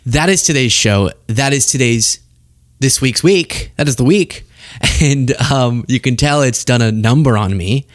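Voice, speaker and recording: A man's voice: mid-range voice, a little slow, no room sound, studio quality. A man hosting a political commentary show, talking casually and sarcastically with frequent laughter.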